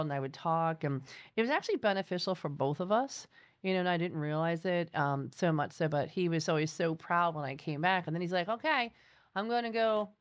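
A woman hosting a casual interview, an animated storyteller who acts out the voices of people she quotes. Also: on the low side, clear, resonant tone. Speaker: podcast host.

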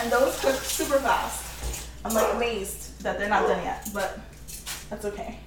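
A woman's voice: medium pitch, noisy background. A chatty woman talks her way through cooking at home and laughs easily as she goes. Her voice rings around a hard, echoey kitchen. Pots and pans clatter faintly in the background. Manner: chatty, laughs often, reads out viewer comments. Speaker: home cook live-streaming. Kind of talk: casual cooking stream chat.

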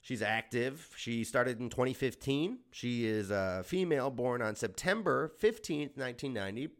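A man's voice: medium pitch, expressive, moderate pace, fairly bright tone. A young adult man from Germany hosting a comedy podcast, riffing crudely and sarcastically. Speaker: podcast host.

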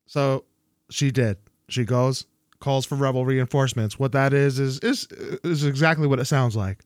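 A young man co-hosting a casual chat, telling a story with lots of restarts and jumping up in pitch whenever he quotes someone. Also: moderate pace, dry recording, studio quality. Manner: animated, jumps high when quoting people.

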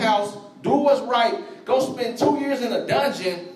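A high-pitched man preaches a sermon at a measured pace, using a conversational, slangy style and calling out to his congregation. He sounds far from the mic, and his voice echoes around the church hall.

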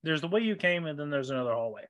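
A man narrating as game master, describing scenes in an unhurried way with lots of fillers. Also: fairly high pitch, animated, a bit bright, dry recording, dull audio.

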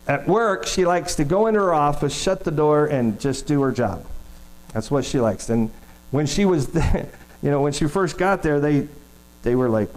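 A middle-aged male pastor preaches in an easy, storytelling manner, his voice sitting a little higher than most men's. He keeps turning to the congregation with questions. A low electrical hum runs under his voice throughout. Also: rough recording. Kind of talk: sermon.

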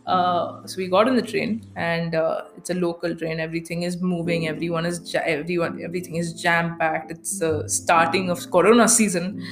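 A woman's voice: lowish voice, fairly even intonation, normal speed. A young woman with an Indian accent, hosting a podcast and telling a story casually, swearing a lot and mixing in Hindi. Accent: Indian English. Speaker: podcast host.

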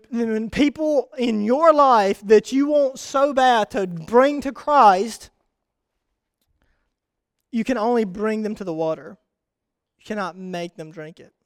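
A man preaching a sermon, telling a rambling personal story with sudden excited bursts. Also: high-pitched, clean tone, no echo. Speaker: pastor.

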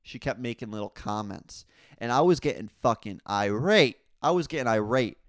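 A young man rambles through a casual podcast story, swearing freely and cracking crude jokes. His voice is smooth and clear at a middle pitch, and he gets louder when he is worked up. The sound is dry and close. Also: moderate pace, dry recording. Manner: animated when worked up, voice jumps higher and louder. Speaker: podcast host. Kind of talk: casual solo podcast monologue.

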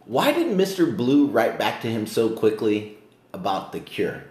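Chatting about a film in an unhurried way, this man swears freely and stays animated, veering between loud bursts and quiet mumbling, all in a roomy-sounding space.

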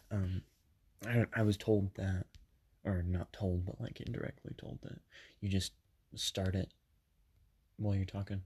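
A man in his twenties hosting a podcast from a bedroom padded with soft things. He is slightly sick and tells his story casually, with many ums and self-corrections. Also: low-pitched, fairly even intonation, unhurried, long pauses, husky. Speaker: podcast host.

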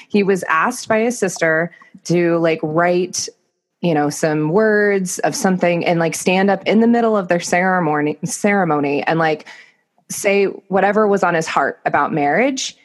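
A woman co-hosting a podcast in casual chat, telling stories in an animated way with many fillers. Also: lowish voice, moderate pace. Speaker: podcast co-host.

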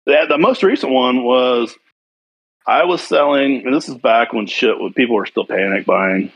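A man telling a story in casual podcast chat, animated and swearing freely. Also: medium pitch, normal speed, poor audio. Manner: animated storytelling, heavy swearing, quotes others.

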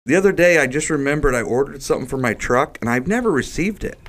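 A blunt, joking man co-hosting a casual podcast. His voice is fairly high and swings around in lively pitch, and he swears freely. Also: fast talker. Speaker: podcast co-host. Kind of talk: casual chat.

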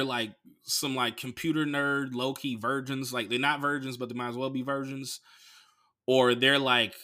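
A man's voice: a little high, pushed and bright. A man from Oakland, a comedian hosting a podcast, telling a long, rambling story full of swearing and acted-out dialogue. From Oakland, California. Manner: rambling, swears a lot, acts out other people.

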